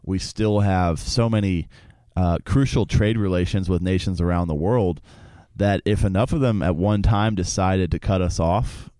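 A man's voice: low-pitched, normal speed, hardly any pauses, warm tone, no echo. A young man co-hosting a radio talk show, chatting in an easygoing way in a studio. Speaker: radio co-host.

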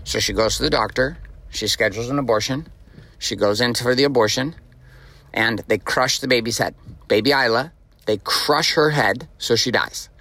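A man's voice: mid-range voice, normal speed, sharp tone, no echo. A man in his forties hosting a motivational podcast, talking bluntly and emphatically, with frequent profanity. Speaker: podcast host.

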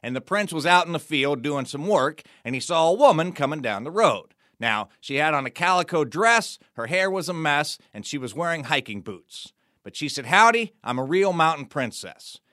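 A man spins a folk tale, folksy and playful, dropping wry asides. His voice is bright and sharp, a touch high, and sits close and dry on the mic. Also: expressive, normal speed, no echo. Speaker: storyteller. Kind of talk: performed folk tale narration.

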